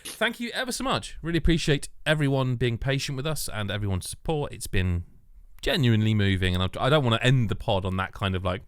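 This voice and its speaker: A man hosting a casual podcast, rambling with halting restarts and easy laughter. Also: lowish voice, expressive, clean tone, no echo, studio quality. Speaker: podcast host.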